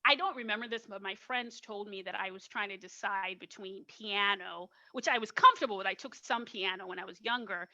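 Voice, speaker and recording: A woman in her forties from Nigeria, a guest opera singer telling her story in a casual podcast interview, animated and laughing often. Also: mid-range voice, brisk, few pauses. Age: 40s. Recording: dull lo-fi recording.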